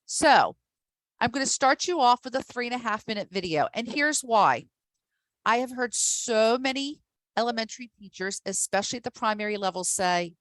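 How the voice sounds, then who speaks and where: A woman's voice: a little high, fairly bright tone, no room sound. A woman presenting a professional development workshop to teachers, upbeat and emphatic, speaking directly to her audience.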